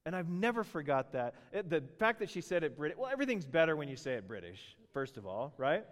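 Pastor, middle-aged man, slightly high voice, lively storytelling sermon, long hall reverb. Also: a little fast. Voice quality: animated, jokey storytelling with voices for characters.

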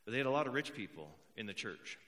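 A man's voice: medium pitch, expressive, quick pace, fairly bright tone. A young adult man preaching a conversational sermon, emphatic and repeating key points, with joking asides to the congregation. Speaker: pastor.

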